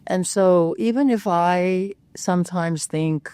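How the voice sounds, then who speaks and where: A woman guest being interviewed, talking candidly and with self-mocking humor about low-budget film work. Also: a little slow, warm tone, no echo. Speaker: guest actress. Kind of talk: casual interview chat.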